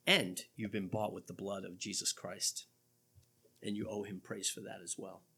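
A male pastor preaching a sermon, asking rhetorical questions and quoting scripture with animated delivery. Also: low-pitched, normal speed, creaky, slightly rough.

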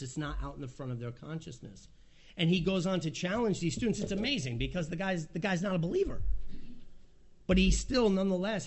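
A man's voice: a little high, darkish tone. A middle-aged man preaching a sermon in an earnest way, reading quotes aloud and repeating words when he presses a point. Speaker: pastor.

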